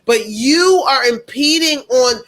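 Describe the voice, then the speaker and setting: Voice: high-pitched, animated, slow pace, fairly bright tone. An emphatic, indignant commentator talking straight to the audience and repeating points for effect. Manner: speaks directly to the audience. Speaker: political commentator. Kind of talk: opinionated commentary monologue.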